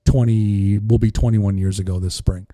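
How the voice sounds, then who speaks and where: A man tells a fishing story on a podcast in a very dark, mellow voice, playing the people in it as he goes. The sound is dry and close. His pitch sits a little low. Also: normal speed, no echo. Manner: animated storyteller acting out voices. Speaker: fishing guide.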